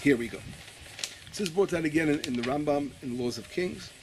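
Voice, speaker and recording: A male rabbi teaching Torah. He stops to search his papers, stumbles and repeats words, and reads his quotes slowly with weight. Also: fairly high pitch, background noise. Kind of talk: Torah lesson.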